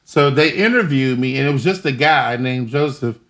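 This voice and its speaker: A young man being interviewed, telling animated stories and acting out the voices of people in them. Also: mid-range voice, moderate pace. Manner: animated, laughing, acts out voices in his stories. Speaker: guest. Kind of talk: casual storytelling interview.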